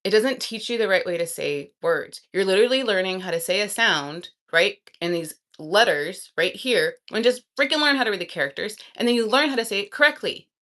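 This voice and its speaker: A woman vlogger chatting casually and thinking aloud, excitable and quick to laugh. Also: mid-range voice.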